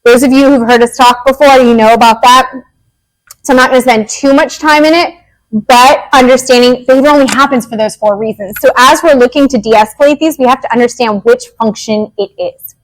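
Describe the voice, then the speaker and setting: A woman behavior analyst, herself a parent, giving a lively, joking workshop talk to parents. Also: a little high, poor audio. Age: adult parent. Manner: lively, joking, acts out quick quotes.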